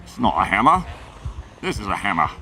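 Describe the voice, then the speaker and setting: A man casually commenting on his game, joking and answering chat. His low voice is bright and very lively in pitch. The mic sits a little far off, with faint music behind him. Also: brisk. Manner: joking, chatty, reacting to chat. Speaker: game streamer. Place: room at home.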